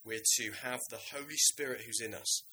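A man preaching a sermon in a lively, conversational way, now and then acting out the voices of biblical figures. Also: medium pitch, a little fast, slight background noise, low-quality recording.

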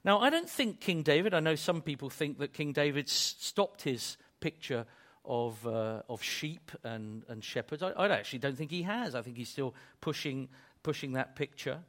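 Male preacher, sermon, rises loud then falls soft, repeats phrases, slightly higher voice. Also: animated, normal speed.

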